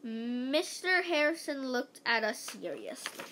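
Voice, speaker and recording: A woman reading a children's book aloud in a halting way, stumbling and restarting words. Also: high voice, lively intonation, pushed and bright, a little hiss or hum. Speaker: reader.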